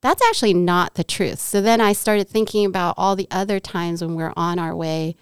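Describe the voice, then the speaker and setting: A middle-aged woman from Southern California tells a personal faith story with an animated delivery, acting out the lines of the people in it. Her voice is smooth and clear, and the room sounds dry and close. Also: fairly low pitch, normal speed, no echo. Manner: animated storyteller, acts out quoted dialogue. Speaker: podcast guest.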